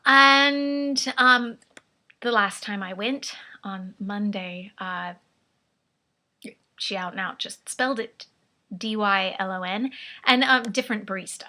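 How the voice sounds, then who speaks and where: A woman's voice: medium pitch, slow pace, pauses often, sharp tone. A woman vlogging in a rambling, chatty way, often laughing at herself, with a vaguely British put-on accent. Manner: rambling, chatty, self-amused with frequent laughs. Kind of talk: casual chat.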